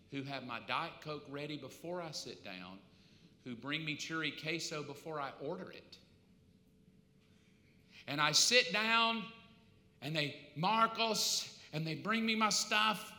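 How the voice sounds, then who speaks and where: Man, pastor, sermon, dramatic, loud to hushed, sharp bright voice, roomy hall echo. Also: fairly high pitch, a little hiss or hum. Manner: dramatic, swings from loud preaching to hushed confessional asides.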